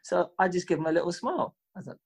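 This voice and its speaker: A man with a slightly husky, higher-than-usual voice, chatting on a podcast. He tells his story with energy, swears without holding back and slips into the voices of the people he quotes. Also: expressive, very fast. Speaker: podcast co-host. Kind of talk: casual chat.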